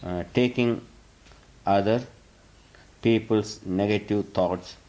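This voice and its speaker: A man with a lowish voice reads handwritten questions aloud at a very unhurried pace. He stops, repeats words and puzzles over them before he answers. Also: steady tone, mellow, poor audio. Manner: slow, halting reading of written questions. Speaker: spiritual teacher answering questions. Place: talk hall.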